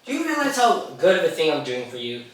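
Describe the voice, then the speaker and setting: A man's voice: on the high side, wildly swooping pitch, quick pace. A teen boy playing a furious ranting noble father. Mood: angry ranting. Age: teenager. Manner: ranting, stammering, exasperated. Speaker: student. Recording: echoey room, distant mic.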